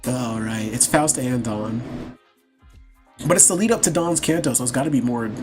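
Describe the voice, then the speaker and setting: A man's voice: mid-range voice, moderate pace. A man streaming a game, chatting and joking casually while reading dialogue aloud. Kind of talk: casual gaming stream chat. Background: game music.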